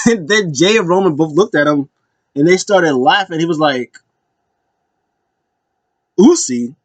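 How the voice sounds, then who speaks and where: A man's voice: fairly high pitch, moderate pace, no echo. Amused rambling wrestling recap guy. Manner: rambling, amused retelling with frequent laughs. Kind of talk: casual chat.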